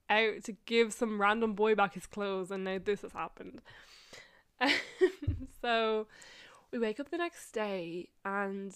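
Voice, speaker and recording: A woman's voice: medium pitch, slow, clear, resonant tone. A young woman vlogger casually telling a long story, rambling, swearing and laughing often.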